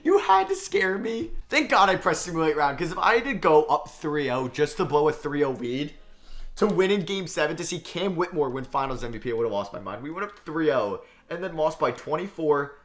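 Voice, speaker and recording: A man doing video game commentary, reacting with excitement and frustration as he plays through a basketball simulation. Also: on the high side, a little fast. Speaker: gaming video creator.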